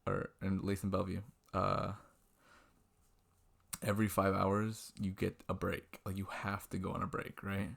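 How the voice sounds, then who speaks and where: Young male vlogger, deep and gravelly, rambling and self-deprecating, webcam at night. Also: monotone, normal speed, a bit bright. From Washington state, US. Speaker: restaurant server telling a work story. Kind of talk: casual storytelling vlog. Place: indoors at a computer, late at night. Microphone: webcam mic.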